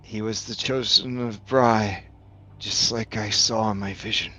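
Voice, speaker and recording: A man's voice: fairly low pitch, steady tone, a little slow, sharp tone. A man voicing a frightened goblin alchemist trapped in a tank, who stammers nervously. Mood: regretful.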